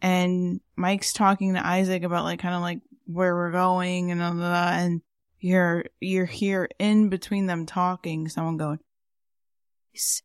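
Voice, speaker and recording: A woman's voice: on the low side, flat delivery, unhurried, clean tone, dry recording, studio quality. A woman co-hosting a podcast in casual chat, rambling with lots of fillers. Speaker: podcast co-host.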